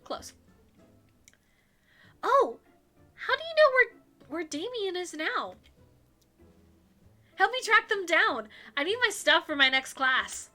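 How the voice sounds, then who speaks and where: A woman voicing an excitable young witch heroine in a dating game, with a high, animated delivery. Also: measured pace, faint music behind, heavily acted.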